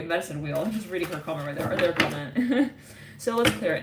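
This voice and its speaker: A woman with a slightly low voice gives a live tarot reading, chatty and intuitive, with lots of fillers. She sits back from the mic in an echoey room. A loud hiss of noise runs underneath. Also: fast, recorded from a distance. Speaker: tarot reader.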